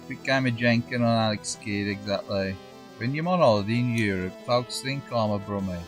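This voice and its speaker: A man with a Black Country accent from the English Midlands chats casually with viewers while gaming on a livestream, his voice fairly low and his speed normal, with music in the background. He reads live chat, swears, trails off, jokes, and slips into funny quoted voices.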